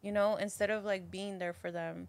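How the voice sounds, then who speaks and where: A woman's voice: mid-range voice, steady tone, moderate pace. A young woman co-hosting a podcast, talking earnestly in casual chat and giving advice from her own experience. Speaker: podcast host.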